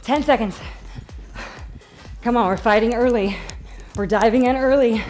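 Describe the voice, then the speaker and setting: A woman's voice: on the high side, unhurried, a little mellow, soft background music. A woman leading a workout as fitness instructor, upbeat and encouraging, counting reps and getting out of breath. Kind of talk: live workout coaching.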